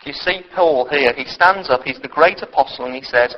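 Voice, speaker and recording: High-voiced impassioned male preacher. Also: normal speed, hardly any pauses. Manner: impassioned, swings from quiet to loud. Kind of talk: sermon. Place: church. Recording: dull lo-fi church recording, faint noise.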